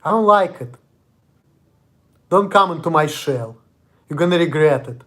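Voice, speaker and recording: A man's voice: fairly high pitch, expressive, measured pace, a bit bright. A young man from Russia with a Russian accent, ranting angrily and profanely in a confrontational monologue. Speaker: vlogger. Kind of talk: angry monologue.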